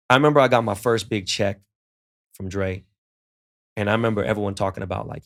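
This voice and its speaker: A middle-aged man with a low, gravelly voice, spinning profane stories as a podcast guest. He slips into the people he quotes as he talks, keeping it loose and laid-back throughout. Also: steady tone, quick pace, long pauses, fairly bright tone. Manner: profane, laid-back storyteller who acts out quoted dialogue. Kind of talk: casual storytelling in a podcast interview.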